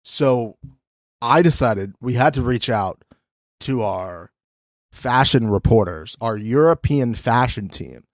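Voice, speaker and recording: A man's voice: mid-range voice, animated, takes it slowly, no echo, studio quality. A man co-hosting a podcast in casual, playful chat. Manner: playful, jokey. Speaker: podcast co-host.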